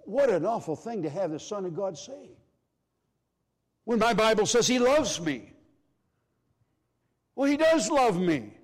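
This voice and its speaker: A middle-aged man preaching a sermon, emphatic, swinging from loud declarations to hushed, low phrases. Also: very animated, a little slow, long pauses.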